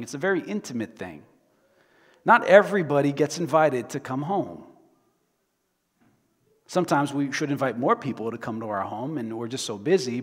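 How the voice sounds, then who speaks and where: A male pastor preaching a sermon dramatically, swinging from loud to hushed. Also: medium pitch. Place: church sanctuary. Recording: reverberant church sanctuary.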